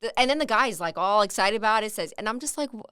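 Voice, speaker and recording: A woman's voice: mid-range voice, expressive, fast, pushed and bright, clear, resonant tone, dry recording, clean studio sound. A woman co-hosting a podcast in casual chat, upbeat and laughing easily, with some swearing. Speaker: podcast co-host.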